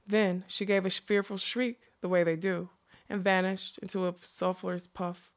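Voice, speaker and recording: A woman voicing a wry middle-aged male magician in a novel read aloud, speaking in a hushed, measured way. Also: medium pitch, flat delivery, close to an everyday voice.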